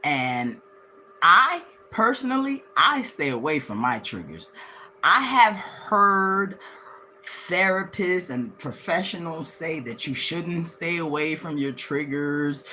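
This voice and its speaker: A woman hosting a livestream, telling a personal story to her viewers in a candid, slangy way and jumping up high to act out what others said. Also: measured pace, slight background noise. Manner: animated, swings into high acted-out quotes of others; candid, slangy, laughs as she talks. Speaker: livestream host.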